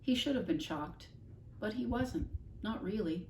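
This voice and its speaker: A woman's voice: mid-range voice, a little hiss or hum. Woman teacher reading a storybook aloud. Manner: expressive read-aloud, pausing to explain words. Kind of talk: reading a children's novel aloud to a class. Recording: echoey room, mic at a distance, faint ambience.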